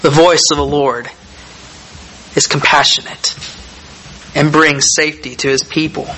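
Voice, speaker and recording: A man delivering a sermon in a bright, forceful voice pitched slightly high. He reads scripture and expounds on it with measured, deliberate phrasing and emphatic pauses, over a faint hiss in the background. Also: little pitch movement, rough recording. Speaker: preacher.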